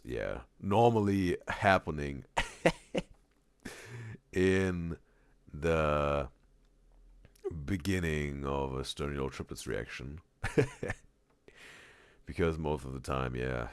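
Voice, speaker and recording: Deep-voiced, gravelly, unhurried male streamer. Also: no echo. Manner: halting, repeats words, reads chat aloud; drops to soft, near-whispered talk. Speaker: streamer reacting to videos. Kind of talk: live stream reaction chat.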